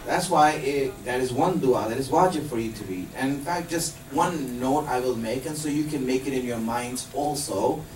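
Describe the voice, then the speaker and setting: A man's voice: medium pitch, darkish tone, a little hiss or hum. A man giving a religious lesson to a live group, explaining patiently and quizzing his listeners with questions. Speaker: religious teacher. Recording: echoey room, distant mic.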